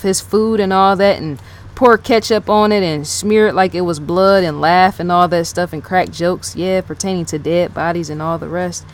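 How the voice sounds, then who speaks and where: Her voice on the lower side, a woman hosting a channel chats casually without a script, wandering off track as she rereads her notes aloud and repeats herself. Fillers such as "yes," "right?" and "in fact" come up constantly.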